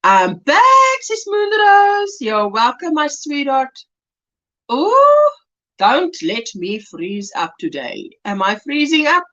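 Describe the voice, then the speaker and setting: A woman's voice: sits high, sing-song, slow, fairly bright tone, lo-fi sound. A woman with a South African accent hosting a casual crochet livestream, chatty and laughing often as she reads the chat aloud from her phone.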